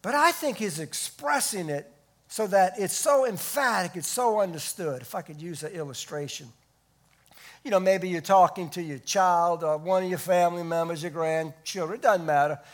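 A man preaching a sermon, stressing key words loudly and dropping to hushed asides. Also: high-pitched, moderate pace. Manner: emphatic, swinging between loud stresses and hushed asides. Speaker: pastor.

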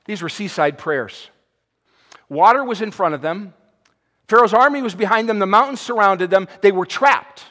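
A male pastor delivers an impassioned sermon in a high, ringing voice. He builds to loud cries, then drops to a hushed near-murmur. The sound carries a long reverb from a large church sanctuary. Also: expressive, moderate pace. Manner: impassioned, swings from shouting to hushed.

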